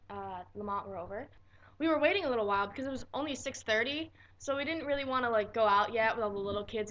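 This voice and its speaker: A teenage girl telling a story in a casual vlog, animated and dramatic and swearing freely. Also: on the high side, highs cut off. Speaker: vlogger.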